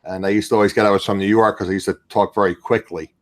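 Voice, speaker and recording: Man, Philadelphia accent, lower voice, rambling reseller on a video call. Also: fairly even intonation, fast. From Southern New Jersey. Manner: rambling, with many fillers and restarts. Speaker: guest reseller. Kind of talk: casual video call chat.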